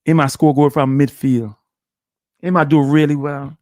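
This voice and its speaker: A man's voice: on the high side, little pitch movement, normal speed, darkish tone, dry recording, studio quality. A man with a Jamaican accent hosting a live show, ranting and scolding in patois. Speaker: host. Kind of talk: heated live commentary.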